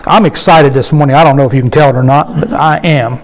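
A man with a high voice preaches in a loose, conversational way to a small gathering. He is folksy and emphatic and keeps asking the congregation questions. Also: fairly even intonation, fast talker, a little hiss or hum, low-quality recording. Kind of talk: conversational sermon with call and response.

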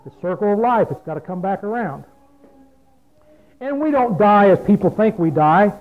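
A man's voice: high-pitched, lively intonation, normal speed. A man preaching a folksy, plain-spoken sermon, often asking his listeners questions. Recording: phone-like lo-fi radio broadcast.

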